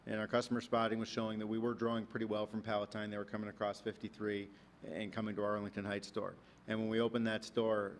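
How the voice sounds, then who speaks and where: A man speaks quickly in a low, flat voice, answering a planning board on behalf of his business. He reassures with frequent fillers, over faint room noise. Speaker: business representative. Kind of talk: presenting at public meeting.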